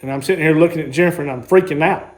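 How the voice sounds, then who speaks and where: A man's voice: a little high, racing. A man, casually telling a rambling story while showing his car collection. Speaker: car hobbyist host.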